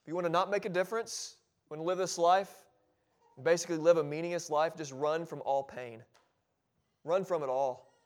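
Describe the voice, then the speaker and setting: A man's voice: fairly high pitch, fairly even intonation, normal speed. A male pastor preaching a sermon in a church, driving points home with short, repeated exhortations. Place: church sanctuary.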